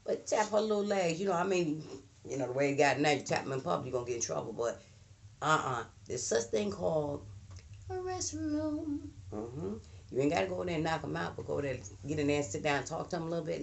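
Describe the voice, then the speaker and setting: A woman's voice: deep voice, sing-song, a little fast, creaky, a little hiss or hum. A middle-aged woman, telling emphatic old-school stories in a casual monologue and mimicking the people she quotes.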